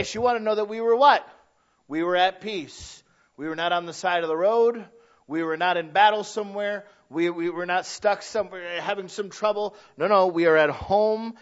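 A man preaching a conversational sermon, earnest and emphatic at times, hushed at others. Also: high voice, normal speed, highs cut off.

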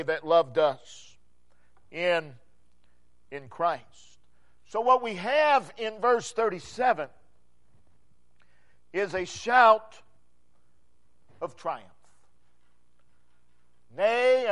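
A pastor delivers his sermon in an unusually high voice, speaking slowly and deliberately. He returns again and again to his refrains, swelling on some words and dropping away on others. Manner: emphatic preaching with repeated refrains and rising and falling cadence.

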